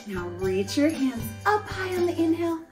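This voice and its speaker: Cheerful woman yoga teacher, high voice. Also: very animated, normal speed. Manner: cheerful, encouraging, sings cues. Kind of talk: guided kids' yoga with singing. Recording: roomy, mic at a distance, music underneath.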